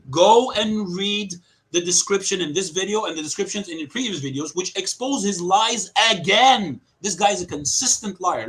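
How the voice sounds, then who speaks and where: A man's voice: high-pitched, pushed and bright, slightly rough, rough recording. A man presenting evidence in a heated online debate, passionate and indignant as he speaks. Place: lives in Greece.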